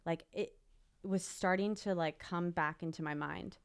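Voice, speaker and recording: A woman's voice: fairly low pitch, fairly even intonation, a little slow, smooth, no room sound, studio quality. A young woman, an interview guest, emphatically retelling a personal story and quoting what people said. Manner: emotional, emphatic retelling with quoted dialogue.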